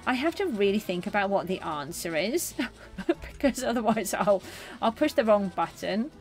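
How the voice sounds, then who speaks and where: A woman's voice: mid-range voice, very animated, normal speed. Chatty middle-aged woman game streamer. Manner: chatty, reads out and answers viewers; gentle and consoling. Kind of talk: casual live-stream chat.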